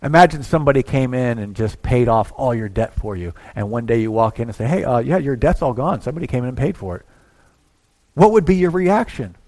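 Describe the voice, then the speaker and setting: A man preaching a sermon in a church, talking conversationally and acting out little asides as he swings between quiet and loud. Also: mid-range voice, expressive, fairly quick. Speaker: pastor.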